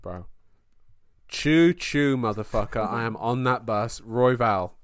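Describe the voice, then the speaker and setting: A man co-hosting a casual fight podcast, excitable, laughing often and swearing freely. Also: fairly low pitch, normal speed, dry recording, clean studio sound. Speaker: podcast co-host.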